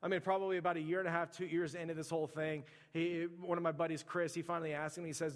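A man preaching to his congregation with a somewhat high voice. He tells stories casually and fills his sentences with "like." His voice rings out with a long reverb from a big hall. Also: little pitch movement, quick pace, few pauses. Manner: conversational storytelling, heavy use of "like". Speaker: pastor. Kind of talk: sermon.

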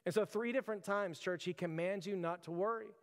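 A man in his thirties gives an earnest, conversational sermon to his congregation. His voice sits fairly high for a man and trails off into a long hall reverb. He talks in an informal way, often calling out to the listeners as "church". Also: fairly quick. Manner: earnest, repeatedly addresses listeners as "church", filler "like". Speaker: pastor.

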